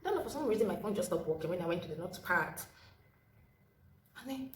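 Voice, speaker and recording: A woman's voice: lowish voice, lively intonation, a little fast, slight background noise. A woman telling a personal story in a casual storytime vlog. She gives earnest advice and often repeats her key phrases. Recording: roomy echo with faint ambience.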